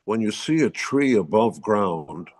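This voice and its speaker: An older man with a lowish voice talks in a casual interview. He is blunt and opinionated, swears freely, and tells his anecdotes with plenty of conviction. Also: very animated, unhurried, darkish tone. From United States. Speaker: musician guest.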